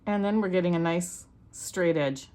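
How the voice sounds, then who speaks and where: At a normal speed and fairly low pitch, her slightly mellow voice walks through a loom knitting tutorial, with a little hiss or hum in the recording. The speaker, a middle-aged Canadian woman, is chatty and homey, explaining each step as she works.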